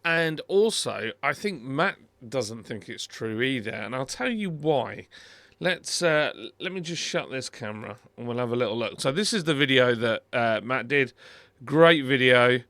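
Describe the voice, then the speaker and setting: A man's voice: medium pitch, lively intonation, a little slow, gravelly, fairly bright tone, no echo. A middle-aged British man hosting a car video, chatting casually and wryly over a screen recording, with many fillers and restarts.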